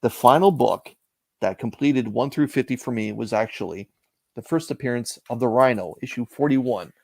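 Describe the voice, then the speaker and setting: Man, middle-aged, from Canada, gravelly voice, dry close sound, reflective storytelling. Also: mid-range voice, darkish tone, no room sound. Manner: measured, reflective storytelling with frequent "uh" pauses. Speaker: interview guest, comic collector. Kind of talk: casual storytelling interview.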